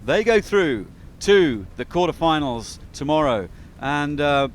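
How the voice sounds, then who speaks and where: A man's voice: on the high side, very animated, measured pace, a little hiss or hum. A man giving chatty, upbeat live commentary on a sailing race, with frequent fillers.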